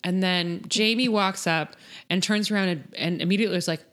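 A woman's voice: lowish voice, a little fast, fairly bright tone. A woman co-hosting a podcast, chatting casually as she recaps a TV episode, acting out quotes in funny voices. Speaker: podcast co-host.

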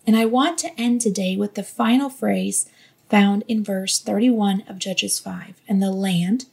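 A woman giving a devotional Bible teaching in an earnest, gently encouraging way. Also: mid-range voice, unhurried, gravelly, husky.

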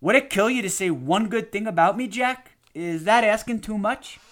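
Guy putting on a drunk angry dude yelling at dinner, strained and loud. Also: fairly high pitch, a little fast, close to an everyday voice. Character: drunk, belligerent adult man, resentful and loud.

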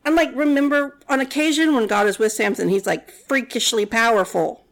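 High-voiced woman retelling a tale, sarcastic. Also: moderate pace, creaky. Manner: chatty and sarcastic, many "like" fillers. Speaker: storyteller. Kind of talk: casual retelling of a Bible story.

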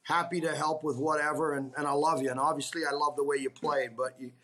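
A man's voice: fairly high pitch, fast talker. A middle-aged man, a former pro hockey player, telling casual, profane anecdotes on a podcast and acting out the people in them. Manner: profane, animated anecdotes with quoted voices.

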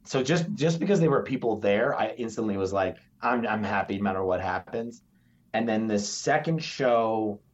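Brief: male comic guest, low voice, animated anecdotes, dull audio. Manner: animated storyteller, acts out quotes. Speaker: stand-up comedian, podcast guest. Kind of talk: casual interview chat. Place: New York area.

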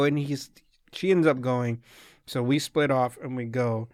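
A young man tells a long, meandering story in casual conversation, full of swearing and acted-out quotes. The medium-pitched voice has fairly even intonation and a normal pace, with clean studio sound and no room sound.

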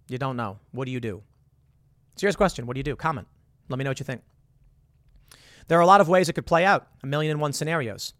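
Man, fairly high voice, earnest monologue host, bone-dry close recording. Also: a bit bright, no room sound. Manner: earnest, repetitive, rhetorical questions. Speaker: commentator. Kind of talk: casual monologue with hypotheticals.

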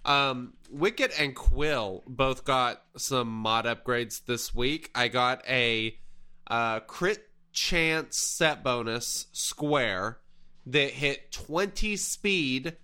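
A man hosting a casual gaming podcast, talking in a relaxed, rambling way with plenty of fillers. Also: medium pitch, slow, clear, resonant tone. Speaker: podcast host.

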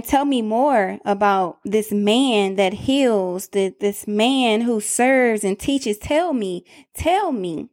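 A woman preaching a sermon in an emphatic way, calling out to her listeners. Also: fairly high pitch.

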